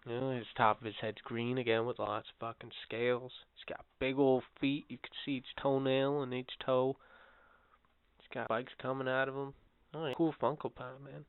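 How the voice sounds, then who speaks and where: A man's voice: mid-range voice, level tone, normal speed, clean tone, no room sound. A man on a casual podcast describing a collectible figure in eager detail, with plenty of swearing. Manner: enthusiastic, profane describing. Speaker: podcast co-host. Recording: dry, phone-like narrow sound.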